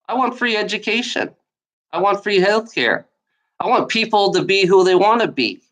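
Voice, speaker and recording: Woman, angry solo rant to camera; profane, repetitive, confrontational. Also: mid-range voice. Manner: profane, repetitive, heated, addresses someone directly. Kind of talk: angry ranting monologue.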